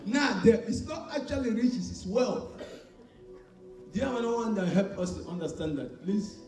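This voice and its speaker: A male preacher delivering a sermon, shouting and calling out for responses from his congregation. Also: high-pitched, lively intonation, normal speed. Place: church hall. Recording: echoey church hall, mic far off, faint music.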